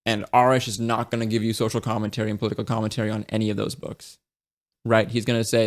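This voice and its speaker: Low-ish and flat but quick, the male book reviewer talks books with casual enthusiasm. Profanity flows freely, and his speech is packed with fillers and tag questions such as "like" and "right?"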